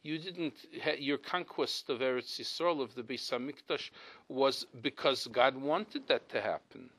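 A man's voice: mid-range voice, measured pace, a bit bright, rough recording. A middle-aged man giving a weekly religious class as a rabbi, explaining in an earnest, emphatic way and often restarting or repeating words as he thinks.

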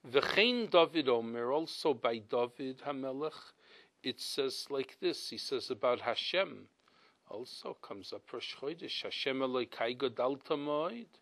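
A man's voice: medium pitch, lively intonation, measured pace, a bit bright, poor audio. A middle-aged man giving a weekly religious class as a rabbi, explaining in an earnest, emphatic way and often restarting or repeating words as he thinks.

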